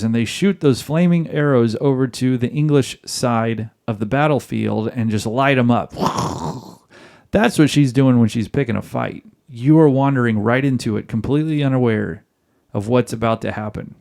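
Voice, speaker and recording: A man's voice: medium pitch, a little mellow. A man hosting an advice podcast, talking emphatically and jokingly, often acting out both sides of a dialogue. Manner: emphatic, jokey, acts out dialogue. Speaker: podcast host giving marriage advice.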